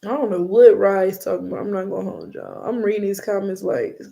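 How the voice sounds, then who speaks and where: A young woman chatting casually on a live stream, telling stories and reading comments in an animated, profane way. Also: medium pitch, brisk, creaky.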